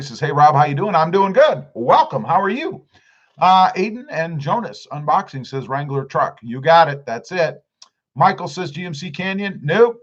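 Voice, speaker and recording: A man's voice: on the high side, a bit bright, highs cut off. A man hosting a casual livestream, reading out viewer comments and answering each one. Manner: reads viewer comments aloud and answers them. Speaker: livestream host reading chat.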